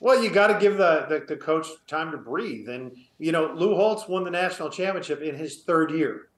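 A man's voice: a little high, animated, normal speed, reverberant. A man and former college football player, speaking as an interview guest, earnest and opinionated with a storytelling manner. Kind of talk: casual sports interview.

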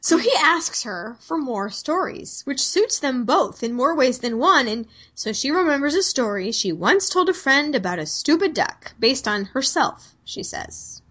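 A woman's voice: high voice, big pitch swings, measured pace, few pauses, fairly bright tone. A woman co-hosting a podcast, recapping a movie scene by scene in a wry, casual way and acting out the characters' lines. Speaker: podcast co-host.

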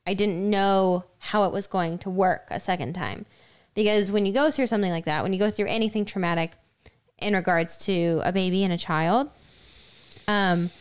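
A young woman co-hosts a casual podcast, telling a personal story with plenty of fillers. Her voice is smooth and clear, at a middle pitch for a woman. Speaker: podcast co-host.

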